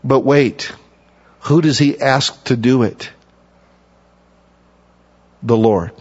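A man's voice: medium pitch, drawn-out words, husky. A man preaching a sermon, reading scripture aloud and breaking off to explain it in plain, emphatic asides. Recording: dull lo-fi sound with long hall reverb.

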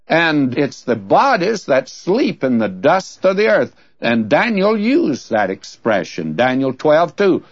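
A man's voice: fairly high pitch, breathy edge, dry recording. A man teaching from the Bible in a conversational sermon, telling stories in a folksy way and asking rhetorical questions. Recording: dull, dry lo-fi recording.

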